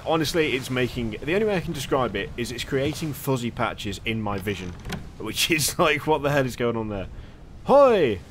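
Male gaming host, casual rambling commentary, animated delivery, noisy background. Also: mid-range voice. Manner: chatty, rambling, jokey asides.

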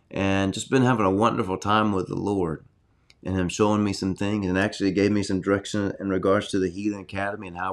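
Sitting low in pitch, this man's voice carries an informal sermon delivered online from his home study. He speaks earnestly and conversationally, now and then getting loud to stress a point.

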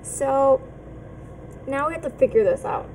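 A woman's voice: high voice, measured pace, darkish tone, a little hiss or hum, poor audio. A woman hosting a horror game let's play, nervous and hesitant, with many ums and pleading asides. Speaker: gaming channel host.

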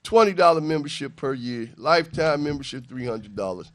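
A man's voice: a little high, lively intonation, fairly quick, a bit bright. Upbeat man hosting a community talk show. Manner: upbeat, folksy, promotional.

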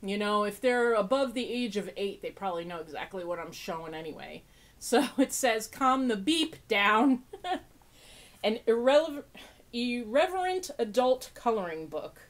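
A woman with a medium-pitched voice and lively intonation talks at a moderate pace on her casual podcast. Opening mail, she gushes, laughs often, and jokes about herself with self-mocking sarcasm.

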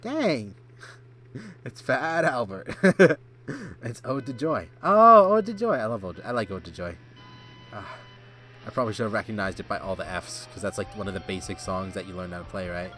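A man streaming live gameplay, reacting excitedly, yelling and laughing at the game. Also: sits low, a little fast, slightly rough. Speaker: gaming streamer.

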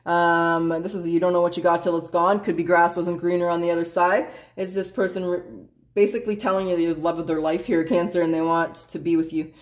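A woman's voice: fairly low pitch, little pitch movement, fairly quick. A woman doing a casual tarot reading in a blunt, chatty way, swearing freely and laughing often. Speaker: tarot reader.

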